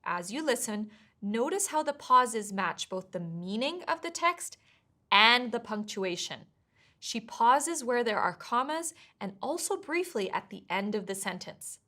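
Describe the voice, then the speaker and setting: A woman explaining exam tasks as a test prep teacher in clear, measured scripted narration. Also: a little high, sing-song, sharp tone.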